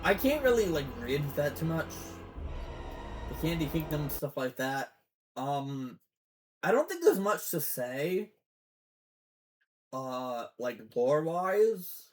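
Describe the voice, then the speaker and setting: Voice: mid-range voice, very animated, slow pace, long pauses, faint music behind. A fan commentator in a rambling, casual show breakdown who swears often and gets teary.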